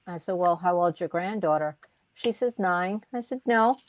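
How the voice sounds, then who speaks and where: A woman who runs a crafting YouTube channel, telling an unhurried story in casual chat with fillers and soft laughs. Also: fairly low pitch, slight background noise.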